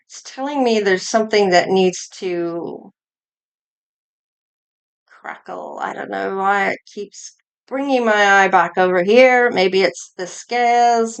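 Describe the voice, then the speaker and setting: A woman's voice: mid-range voice, clean tone. A woman giving a collective tarot reading, musing aloud as she turns over each card. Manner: slow, musing, thinking aloud between cards. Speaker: tarot reader.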